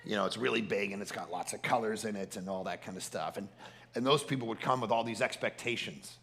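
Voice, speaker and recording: A man's voice: fairly low pitch, quick pace, creaky, a bit bright. A man preaching a sermon at a family camp, telling stories animatedly and acting out the people he quotes. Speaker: pastor.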